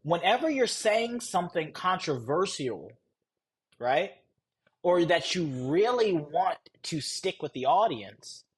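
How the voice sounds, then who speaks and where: Husky, lively young man coaching sales. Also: sits high. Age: young adult. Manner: deliberately shifts pace and tone, blunt and conversational. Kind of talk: teaching a live course session.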